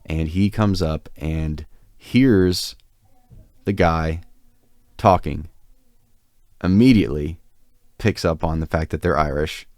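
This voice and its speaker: A man's voice: very deep voice, slow pace, pauses often, a little mellow, no room sound, studio quality. A man co-hosting a podcast, telling a long anecdote in a casual, rambling way with lots of fillers. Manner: rambling, filler-heavy, self-deprecating. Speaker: podcast co-host. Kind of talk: casual storytelling.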